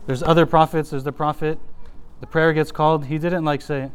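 Guy teaching a religious class, smooth clear voice, rambly and casual, bit worn out. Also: on the high side, little pitch movement, brisk. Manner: chatty, frequent "like" and restarts. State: voice a little worn.

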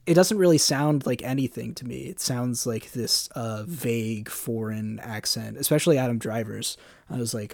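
A man's voice: mid-range voice, moderate pace, vocal fry, a little mellow, dry recording, clean studio sound. A man co-hosting a podcast, chatting loosely about a film with lots of "like". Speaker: podcast co-host. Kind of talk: casual film discussion.

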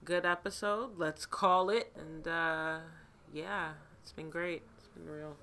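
A woman co-hosting a podcast in casual chat, mostly giving brief, low-key reactions. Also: steady tone, slow, sharp tone. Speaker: podcast co-host.

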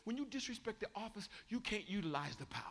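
A man preaching a sermon as bishop, swinging from shouting to chatty asides. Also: high voice, animated, fast talker, big-room sound. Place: church sanctuary.

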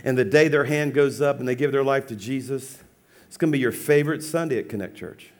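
A man preaching as a pastor, telling a funny personal story with lively, laughing acted-out dialogue. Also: medium pitch, brisk. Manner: animated, humorous, acts out dialogue with laughs. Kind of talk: sermon storytelling.

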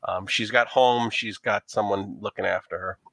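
Male game master, bright tone, dry close sound, jokey and loose. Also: lowish voice, steady tone, normal speed, vocal fry, no echo. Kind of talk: narrating a tabletop game.

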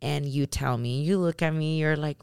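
A woman telling a personal story in a casual, animated way, talking straight to her viewers and her husband. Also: low voice, moderate pace, gravelly, clean tone, no room sound, clean studio sound. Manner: animated, talks straight to the audience.

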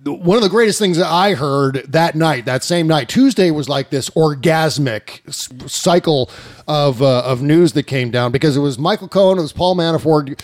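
A man hosting a political talk show in a profane, sardonic, animated way. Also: fairly high pitch, normal speed. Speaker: podcast host.

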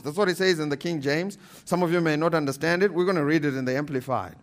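High-voiced man preaching emphatically. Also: quick pace, hardly any pauses. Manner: animated, emphatic preaching with laughs and repetition. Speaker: pastor. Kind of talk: sermon.

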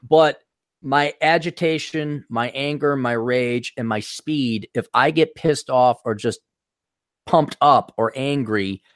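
A man's voice: medium pitch, slow pace, no echo. Middle-aged man, Upper Midwest accent, rambling podcast host, wisecracks, dry close sound. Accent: Upper Midwest American. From Milwaukee, US. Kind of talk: casual podcast chat.

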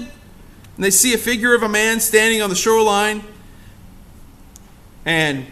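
A man preaching a sermon to a congregation in a church, acting out the lines of the story with dramatic swings and asking the room questions. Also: pushed and bright. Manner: dramatic, acts out quoted lines with big shifts in pitch and volume; asks the congregation direct questions. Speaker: pastor.

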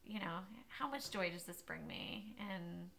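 A woman interview guest talking about running, telling stories in an animated way and often laughing. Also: fairly low pitch, measured pace, creaky. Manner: animated storyteller, laughs often, many restarts. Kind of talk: casual interview conversation.

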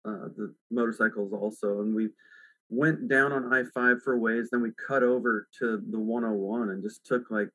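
A man hosting a podcast in casual chat, talking in a relaxed, rambling way with lots of filler words. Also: lowish voice, normal speed, no room sound, rough recording. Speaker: podcast host. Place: at home.

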